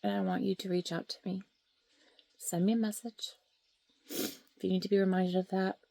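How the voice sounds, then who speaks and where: Speaking at a normal speed in a flat, medium-pitched voice with a dark tone and vocal fry, a woman records a candid vlog about her grief at home. She talks into a handheld camera or phone, emotional and rambling, now and then dropping to a whisper, with no room sound.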